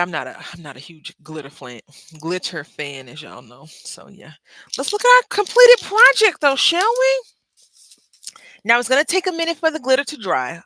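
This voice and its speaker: Woman host, bright forward voice, chatty and rambling, casual craft livestream. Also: sits low, no room sound. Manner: chatty, rambling, self-correcting, addresses viewers as y'all.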